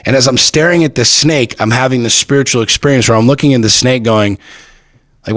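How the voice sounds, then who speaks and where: A man in his forties talks quickly, piling one story onto the next in a casual podcast chat. His pitch sits in an ordinary middle range. The sound is close and dry, and his delivery is profane, blunt and emphatic. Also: fairly bright tone, dry recording. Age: 40s. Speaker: podcast guest.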